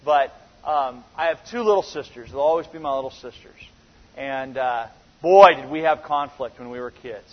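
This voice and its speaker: A man's voice: mid-range voice, normal speed. A man in his thirties preaching a sermon, speaking in an emphatic, conversational way. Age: 30s. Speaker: pastor. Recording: dull recording with long reverb in a large hall.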